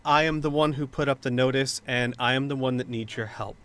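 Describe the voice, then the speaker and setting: A man's voice: mid-range voice, fairly even intonation, fairly quick, a bit bright, close to an everyday voice. A man voicing a tiny female fairy who pleads desperately for help, choked up with tears, in a tabletop game. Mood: pleading.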